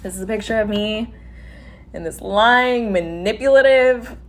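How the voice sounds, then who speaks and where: A woman telling a casual storytime and acting out the other people's dialogue with lively energy. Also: medium pitch, a little slow. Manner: animated, acts out quoted dialogue.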